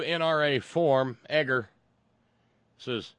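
A man's voice: mid-range voice, expressive, measured pace, a bit bright, dry recording. Guy for sarcastic rant commentary; stumbles and restarts, dry close mic. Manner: rambling and sarcastic, many restarts. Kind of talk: casual monologue commentary.

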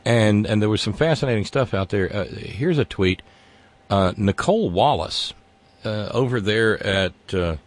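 A man hosting a satirical political rant. He is sarcastic and exasperated and stammers as he talks. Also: fairly low pitch. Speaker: host.

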